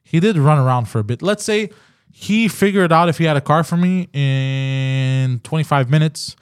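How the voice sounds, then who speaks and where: A man's voice: fairly high pitch, normal speed, clear, resonant tone, no room sound, clean studio sound. A man hosting a podcast who tells stories in casual chat, swearing and acting out both sides of the conversation. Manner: animated, profane, acts out both sides of the story. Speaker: podcast host.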